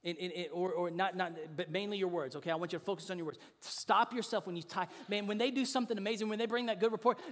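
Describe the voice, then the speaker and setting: High-voiced earnest man preaching in a reverberant hall. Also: steady tone, fast talker, hardly any pauses. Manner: earnest and emphatic, repeats key phrases, drops soft and low for emphasis. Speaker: pastor. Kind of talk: sermon.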